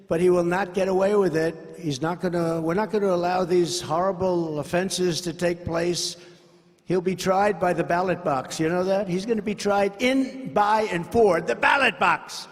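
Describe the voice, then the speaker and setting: A man's voice: high-pitched, fairly even intonation, moderate pace. Older man rambling at a rally. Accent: New York. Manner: rambling, boastful, asides to the crowd. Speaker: political speaker at a campaign rally. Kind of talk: rally speech. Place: large rally venue. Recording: echoing hall with faint ambience.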